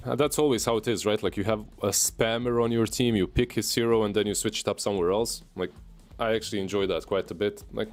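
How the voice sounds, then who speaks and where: A man giving casual, opinionated color commentary on a pro video game match, chatty and full of filler words. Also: fairly low pitch. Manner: relaxed, chatty, lots of "like" and opinion.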